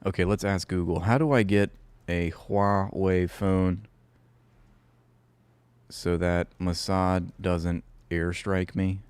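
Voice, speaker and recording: Low-voiced sarcastic man streaming. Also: level tone, takes it slowly, a little mellow, smooth, no room sound. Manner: sarcastic, profane, rambling. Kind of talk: live reaction commentary.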